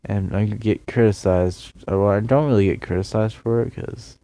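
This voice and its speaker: A man with a lowish, gravelly voice rambles through a solo video rant. He sounds tired and yawny, and keeps drifting off topic into sarcastic asides. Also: steady tone, normal speed, dark tone, no echo. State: tired, yawning. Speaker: YouTuber.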